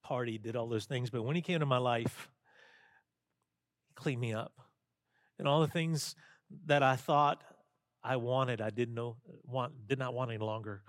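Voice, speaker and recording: Animated preaching man, dry close sound. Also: medium pitch, normal speed, pauses often, dry recording. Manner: animated, conversational preaching with rhetorical questions to the congregation. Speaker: pastor. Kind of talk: sermon.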